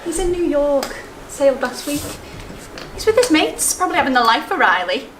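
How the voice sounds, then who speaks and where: Here is a young wife from Liverpool, protesting and defensive, her voice high and darting all over the place, as an actress plays her. She is caught from a distance on a stage, with the room ringing around her. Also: big pitch swings, normal speed, noisy background. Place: theatre stage. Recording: roomy stage sound from far off, faint ambience.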